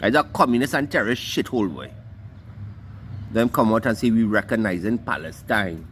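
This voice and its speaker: A man's voice: fairly low pitch, lively intonation, normal speed, fairly bright tone, slight background noise. A man with a Trinidadian Creole accent, delivering a heated, scornful monologue and cussing freely. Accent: Trinidadian Creole English. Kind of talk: ranting monologue.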